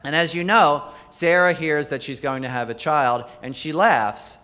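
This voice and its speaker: A man's voice: on the high side, a little slow, bright, forceful tone. A man, a Jesuit priest, giving a keynote talk full of funny anecdotes, dropping his voice to deliver quoted punchlines. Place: large conference hall. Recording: long hall reverb.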